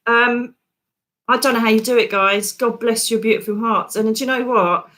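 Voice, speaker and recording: A woman's voice: a little high, steady tone, moderate pace, bright, forceful tone. A woman psychic medium, hosting live readings in an emotional, affectionate way. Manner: emotional, affectionate, says darling.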